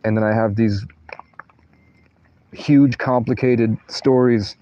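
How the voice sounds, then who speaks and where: A man speaks slowly in a medium-pitched, dark voice with fairly even intonation over lo-fi audio. Livestreaming from his tent during a thunderstorm, he rambles through personal stories, cursing and leaving sentences hanging.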